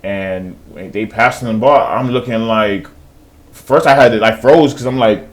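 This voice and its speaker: A man with a slightly low voice tells a rambling story in a loose, casual way. He swears freely and acts out what other people said. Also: measured pace. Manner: casual, profane, animated retelling with quoted voices. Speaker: day trader.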